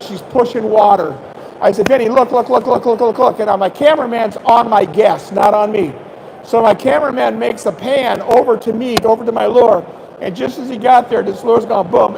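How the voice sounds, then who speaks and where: An older man, a fishing guide, telling lively fishing stories to a live expo crowd and acting out the dialogue. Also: very high-pitched, a little hiss or hum, rough recording. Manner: animated storyteller, acts out dialogue, coughs and clears throat. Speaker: fishing guide giving a seminar. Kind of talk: storytelling talk at a fishing expo. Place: expo hall stage, live audience.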